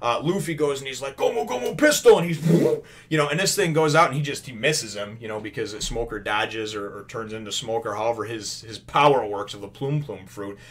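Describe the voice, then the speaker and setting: A man's voice: medium pitch, a little fast, few pauses, fairly bright tone, a little hiss or hum. A man casually retelling a comic chapter, rambling with many fillers and quoting the characters in a raised voice. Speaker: comics reviewer.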